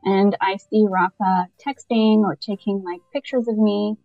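Woman guest from Canada telling an animated anecdote, laughing often; dull lo-fi recording. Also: medium pitch, measured pace, no echo. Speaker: podcast guest. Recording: muffled lo-fi, faint music.

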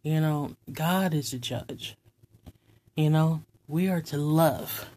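A woman with a low, dark, husky voice delivers a heartfelt, faith-based monologue as host. She speaks slowly and earnestly, with tender passages that sink into a soft whisper. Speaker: host of an inspirational talk segment.

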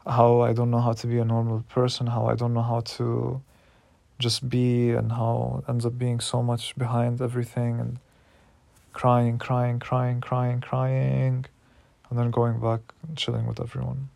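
Give me a young man in his twenties with a gravelly, flat voice, speaking frankly and emotionally in a personal vlog. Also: mid-range voice, a little slow, no room sound. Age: 20s. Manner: frank, emotional, swears freely when worked up. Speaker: vlogger. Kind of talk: candid personal diary vlog.

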